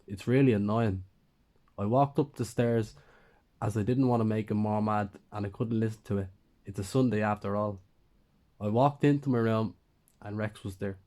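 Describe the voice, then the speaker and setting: A man's voice: lowish voice, darkish tone. A man narrating a first-person horror story in a plain, conversational way.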